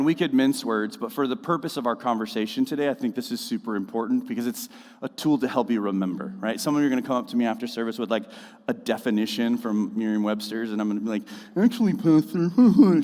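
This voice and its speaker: Male pastor, casual joking sermon, mid pitch, long church-hall reverb. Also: fast. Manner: casual, joking, animated with mocking voices. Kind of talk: conversational sermon. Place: church auditorium.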